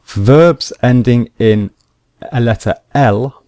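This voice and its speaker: A man teaching English grammar rules slowly and deliberately, repeating each point with examples. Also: mid-range voice, mellow, dry recording, clean studio sound. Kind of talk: slow explanatory grammar lesson.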